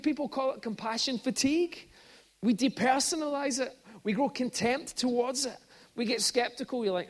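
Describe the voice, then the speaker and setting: A man's voice: extremely high pitch, normal speed. A man preaching as a guest speaker at a church service, telling stories in a chatty way and building to emphatic peaks. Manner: conversational storytelling, with bursts of rising emphasis. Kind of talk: sermon.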